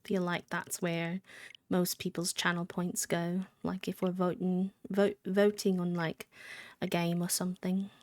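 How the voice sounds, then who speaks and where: A woman's voice: on the low side, level tone, a little slow, a little mellow. A young woman streaming a game live, chatting in a rambling way, answering her chat and thanking subscribers. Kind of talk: casual live-stream chat while gaming.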